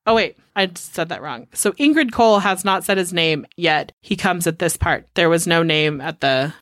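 A woman's voice: lowish voice, normal speed, a bit bright, no echo, clean studio sound. A young adult woman co-hosting a podcast, loosely retelling a film plot with lots of fillers and swearing. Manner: loose, profane retelling full of "like". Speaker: podcast co-host. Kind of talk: casual film recap chat.

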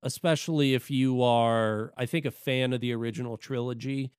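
A man's voice: mid-range voice, fairly even intonation, normal speed, a little mellow, clean tone, dry recording, studio quality. A man co-hosting a podcast, chatting casually about video games with lots of fillers and restarts. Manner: rambling, with many fillers and restarts. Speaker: podcast co-host.

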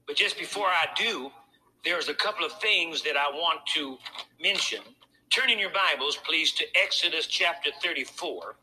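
Bright-voiced man preaching a sermon. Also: a little high, expressive, moderate pace, a little hiss or hum, poor audio. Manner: conversational preaching with pointed asides. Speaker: pastor.

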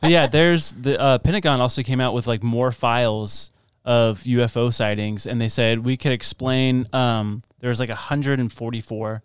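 A man's voice: medium pitch, fairly even intonation, moderate pace, smooth, no room sound, clean studio sound. A man co-hosting a podcast, chatting casually and joking around. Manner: joking, playful. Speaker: podcast co-host. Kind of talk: casual chat.

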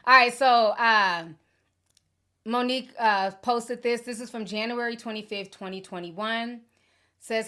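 A woman's voice: mid-range voice, fairly even intonation, unhurried, bright, forceful tone. A woman hosting a casual commentary video, reading text messages aloud with sarcastic, exasperated asides. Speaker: commentary vlogger. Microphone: phone or camera mic at varying distance.

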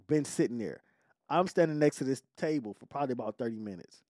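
A man, hosting a podcast, telling a story in a casual, animated, profane way full of slang. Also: mid-range voice, fast talker, dry recording, studio quality. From Detroit. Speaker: podcast host.

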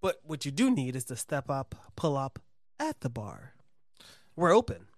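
A man hosting a podcast, playful and crude, cracking quick jokes in casual banter. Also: medium pitch, big pitch swings, no echo, studio quality. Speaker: podcast host.

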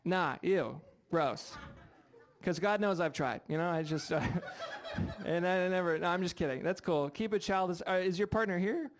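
A man's voice: sits high, unhurried, a little hiss or hum. A young American man doing a stand-up comedy set, chatty and self-deprecating, bantering with the crowd. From United States. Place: live comedy show with audience.

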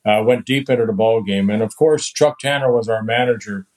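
Older male guest from the Netherlands; relaxed, chatty anecdotes with easy chuckles. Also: mid-range voice, brisk, rough recording. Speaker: guest, retired pitcher. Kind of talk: storytelling in a podcast interview.

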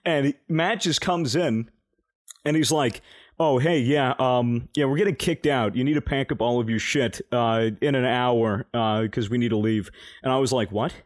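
A man's voice: mid-range voice, normal speed. A young man casually telling a rambling, swear-filled story on a podcast, laughing as he goes. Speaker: podcast co-host.

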